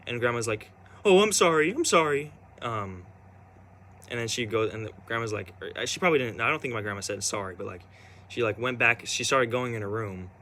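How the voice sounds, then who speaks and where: A young man telling a personal story in a rambling, halting way, full of restarts and fillers. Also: on the low side, sharp tone, a little hiss or hum.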